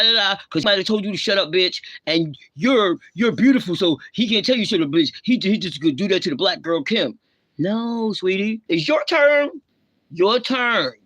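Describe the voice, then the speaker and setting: A woman rants on her livestream, lecturing and scolding in blunt street slang. Her voice is sharp and forceful, and the sound is dry and close with no room echo. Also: medium pitch. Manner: blunt, confrontational, heavy slang. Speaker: livestream host. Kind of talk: ranting live commentary.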